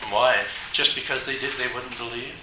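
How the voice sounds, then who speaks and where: A man's voice: mid-range voice, little pitch movement, normal speed, far from the mic, background noise. A man preaching a sermon to his congregation, emphatic and asking them rhetorical questions. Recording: echoey hall.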